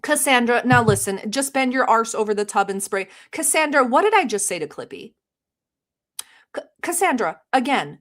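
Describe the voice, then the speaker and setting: A woman from the Middle East hosting a casual livestream, talking straight to her chat in a brash, sarcastic way and mock-yelling at viewers. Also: medium pitch, expressive, moderate pace. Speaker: livestream host.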